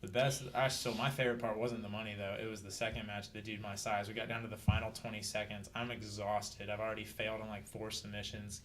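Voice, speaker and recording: A man on a podcast, casually telling animated stories about his jiu-jitsu matches. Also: lowish voice, fast, hardly any pauses, slight background noise. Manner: animated storyteller, shouts out quoted coaches. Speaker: podcast guest, jiu-jitsu brown belt.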